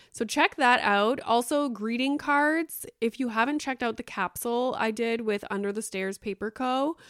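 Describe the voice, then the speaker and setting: A smooth, medium-pitched voice belongs to a thirtysomething woman hosting her own podcast in a casual solo chat. She rambles, uses many fillers, and swears now and then, and the recording is dry and clean, studio quality.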